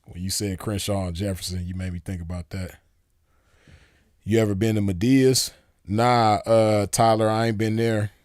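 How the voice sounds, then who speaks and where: A man's voice: lowish voice, fairly even intonation, moderate pace, darkish tone, no room sound, studio quality. A man in his forties hosting a show, chatting casually with viewers and telling rambling, slangy stories with easy laughs. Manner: laid-back, rambling, laughs easily, slangy. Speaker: show host. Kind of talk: casual storytelling chat with viewers.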